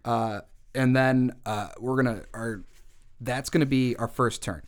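A man in a casual brainstorming chat, talking animatedly and acting out quick character voices. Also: mid-range voice, steady tone.

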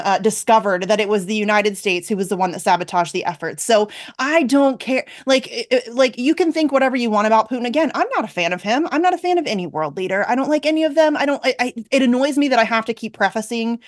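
A young woman hosting a political talk show, ranting animatedly in exasperation. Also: medium pitch. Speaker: show host. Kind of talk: political commentary chat.

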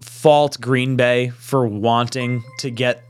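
A man's voice: medium pitch, flat delivery, slow, smooth. A man hosting a casual sports panel livestream, joking and reading viewer comments aloud. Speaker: panel host.

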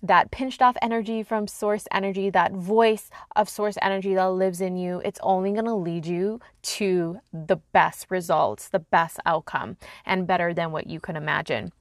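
A woman hosting a solo podcast as an intuition coach, speaking in a calm, earnest and encouraging way. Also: lowish voice, normal speed, few pauses, no room sound, studio quality.

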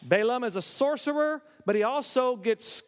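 Retelling the story in his sermon, a pastor with a fairly high voice performs the characters with animated voices, though he frequently trips over his words and starts again. He speaks at a normal speed, and his clean tone carries a long, big-hall reverb.

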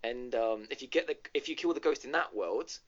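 A man's voice: medium pitch, fairly quick. A man co-hosting a casual gaming podcast, retelling a game's story with lots of ums and restarts. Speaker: podcast co-host. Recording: dull lo-fi audio.

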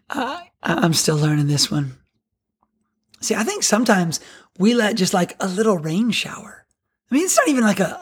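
A middle-aged woman pastor giving a sermon in a chatty, animated, self-deprecating way. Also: mid-range voice, breathy edge.

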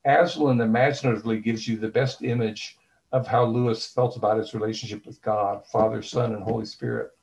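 A man being interviewed as an author talks in a considered, explanatory way. He pauses often with fillers and restarts his sentences. He retells scenes by quoting the dialogue. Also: mid-range voice, fairly even intonation, creaky, darkish tone, poor audio. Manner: thoughtful, with many fillers and restarts. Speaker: author and guest.

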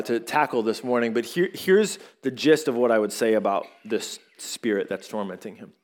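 Animated male pastor preaching a sermon. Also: medium pitch. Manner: animated storytelling with shifting emphasis.

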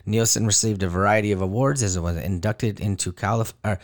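A man's voice: on the low side, steady tone, a little fast. A man co-hosting a podcast in casual chat, loose and rambling, often correcting himself. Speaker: podcast co-host.

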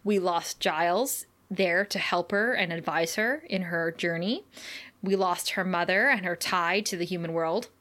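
A woman co-hosting a casual podcast, recapping a TV episode in lively, laugh-filled chat and swearing casually. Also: fairly low pitch, unhurried. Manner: animated, laughs often, acts out quotes.

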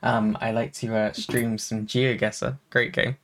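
Man, podcast co-host, casual rambling chat, mid-pitched, lots of fillers. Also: little pitch movement, unhurried, fairly bright tone. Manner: rambling, chatty, many fillers.

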